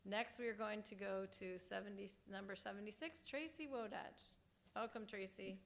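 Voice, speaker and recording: A woman chairing a public hearing, warm and conversational as she calls the next witness. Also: medium pitch, moderate pace, creaky. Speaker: committee chair.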